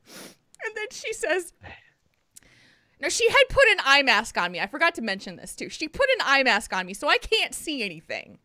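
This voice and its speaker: A woman's voice: high voice, wildly swooping pitch, moderate pace, bright, forceful tone, dry recording, studio quality. A woman co-hosting a podcast, telling a story in casual chat, often laughing through it and whispering when she quotes others. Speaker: podcast co-host.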